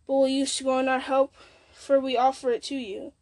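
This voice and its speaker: A wise old wizard speaks calmly and firmly, read aloud by a woman. The voice is high and clear, never raised. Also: normal speed, natural voice.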